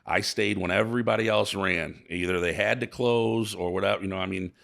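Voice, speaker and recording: Gravelly low-voiced St. man. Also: fairly even intonation, fairly bright tone. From St. Louis, USA. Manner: halting, repeats words, emotional and earnest. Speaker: business owner guest. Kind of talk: casual interview.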